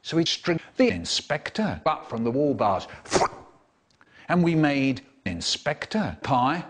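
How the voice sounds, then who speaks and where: At a measured pace, a man spins an animated, theatrical story, suddenly squealing high or dropping to a hush as he plays the quoted characters. The clip has been edited into a comedy remix.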